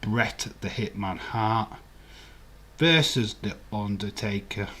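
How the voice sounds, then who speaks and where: Man, low and husky, casual rambling streamer who chats with his viewers. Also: slow pace, fairly bright tone. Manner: chatty, rambling, reads out viewer comments and laughs often. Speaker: livestream host. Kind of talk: casual live watch-along chat.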